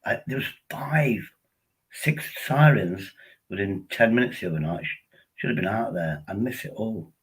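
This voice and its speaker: A man's voice: lowish voice, expressive, normal speed, husky, rough recording. A drunk man with an East Midlands accent rambling through a casual vlog chat. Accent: East Midlands English. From Derbyshire, England. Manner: rambling, slurred, repeats himself. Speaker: vlogger.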